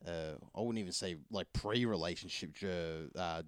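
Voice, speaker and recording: Low-voiced rambling man. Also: normal speed, clear, resonant tone, no room sound, studio quality. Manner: rambling, hesitant, many fillers and restarts. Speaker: film reviewer. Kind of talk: casual film review chat.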